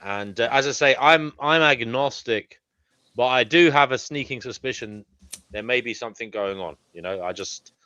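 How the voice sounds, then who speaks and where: A man hosting a casual chat, soft-spoken and hesitant, with many fillers. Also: medium pitch, normal speed, clear, resonant tone, dry recording, muffled recording.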